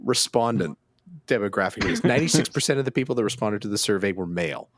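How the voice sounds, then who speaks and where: A man's voice: lowish voice, lively intonation, rapid-fire, no echo, studio quality. A Canadian man co-hosting a casual gaming podcast, talking with lots of restarts and fillers. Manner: hesitant, many restarts and fillers. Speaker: podcast co-host. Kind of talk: casual chat.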